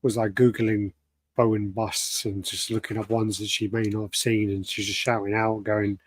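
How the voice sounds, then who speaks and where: A man's voice: fairly low pitch, little pitch movement, moderate pace, dry recording. Man telling a chatty story. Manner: storytelling, acts out quoted lines. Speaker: podcast co-host. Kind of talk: casual chat.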